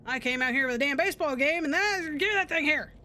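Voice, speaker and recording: A gruff baseball coach from a video game barks loudly and intensely, as a woman puts him on. He talks in hard, clipped bursts. The voice pitches high. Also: expressive, fast. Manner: loud, barking and intense.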